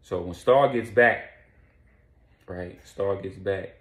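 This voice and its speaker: A man's voice: sits low, takes it slowly, roomy sound. A man telling a story casually, with slang, profanity and repetition.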